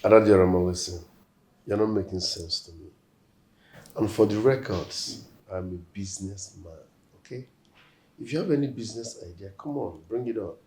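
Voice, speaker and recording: Man acting a cocky nigerian businessman, very low voice, dismissive, echoey room. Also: normal speed, close to an everyday voice. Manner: dismissive, calm and firm. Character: self-assured young businessman, brother. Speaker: actor playing a businessman and king's son.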